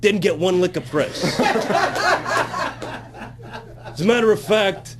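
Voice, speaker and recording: A man's voice: high voice, big pitch swings, slow, heavy background noise, exaggerated voice. A man playing a sleazy old-time comic who brags crudely, in raunchy roast banter. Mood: boastful. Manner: brash, crude, self-interrupting with laughs. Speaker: guest comic character. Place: strip club, via satellite.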